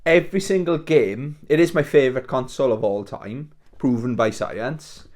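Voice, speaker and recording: A man's voice: mid-range voice, a little mellow. Rambling, jokey man vlogging. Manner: rambling, jokey, self-mocking. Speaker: game-collecting vlogger. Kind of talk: casual chat to camera.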